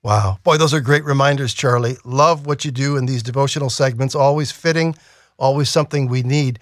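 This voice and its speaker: A man's voice: mid-range voice, a little fast, no room sound, clean studio sound. A man co-hosting a religious radio program, announcing in a friendly, upbeat, conversational way.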